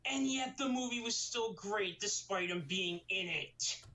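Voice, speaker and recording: A man giving a casual critique who rambles and sounds mocking and easily excited. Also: sits high, unhurried, low-quality recording. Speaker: video critic.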